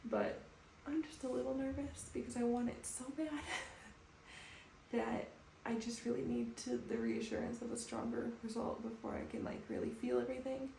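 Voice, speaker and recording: Calm woman vlogging in an echoey room. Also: fairly high pitch, moderate pace, creaky. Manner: soft, calm, reflective. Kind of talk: personal vlog talking to camera. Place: bathroom at home, indoors. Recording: echoey room with faint background noise.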